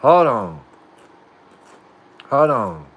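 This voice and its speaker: The audio is dull as this American livestream host speaks very slowly in a mid-range, sing-song voice with a breathy edge. He's casual and laid-back, using street slang as he practices pronouncing words out loud.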